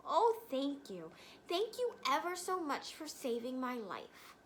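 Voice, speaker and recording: A woman voicing a tiny, proud female queen of the field mice in a squeaky little voice, for a storybook reading. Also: huge pitch swings, a little slow, a little hiss or hum, exaggerated voice. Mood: grateful. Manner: indignant, regal.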